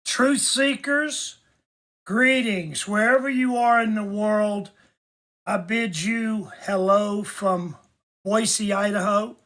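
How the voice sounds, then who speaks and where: A man's voice: high voice, fairly even intonation, slow pace, a bit bright. A man with a Southern US accent, greeting viewers at the start of a video report, folksy in manner. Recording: played back from far off.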